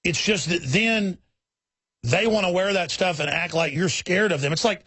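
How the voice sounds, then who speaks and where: A man's voice: high voice, normal speed, pushed and bright, husky, no room sound. A man hosting a talk radio show, ranting in a heated, rambling, emphatic way.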